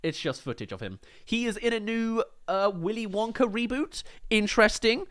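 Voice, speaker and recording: Brief: British male streamer, fairly high and very animated, casual chatty movie commentary. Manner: chatty, answers viewer comments with quick jokes. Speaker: movie review livestream host.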